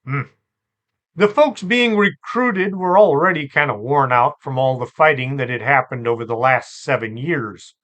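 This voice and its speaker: A man's voice: medium pitch, moderate pace, dull audio. Chatty man telling strange stories. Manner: relaxed and chatty, with asides and fillers. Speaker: host and storyteller. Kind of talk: conversational storytelling podcast.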